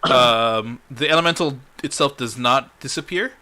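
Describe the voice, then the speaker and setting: A man running a tabletop game as dungeon master, halting and full of "uh"s as he checks the rules. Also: medium pitch, noisy background. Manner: halting, fills pauses with "uh", laughs along.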